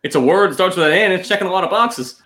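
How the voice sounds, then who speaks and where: A man with a high voice that leaps all over the place, telling a story as a podcast co-host. He sounds animated and indignant, relaxed and conversational in the way he talks. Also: very fast. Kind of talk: casual chat, anecdote telling.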